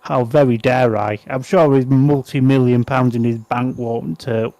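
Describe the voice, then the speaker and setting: Gravelly man calling a race. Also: medium pitch, unhurried, no echo. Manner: excitable play-by-play calling with a playful, wry aside. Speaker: co-host. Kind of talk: speedway watch-along commentary.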